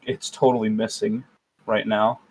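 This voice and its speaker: A man's voice: on the low side, level tone, a little slow, husky, rough recording. A man co-hosting a podcast as game master, chatting casually, rambling and joking with plenty of fillers. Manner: rambling, jokey, lots of fillers.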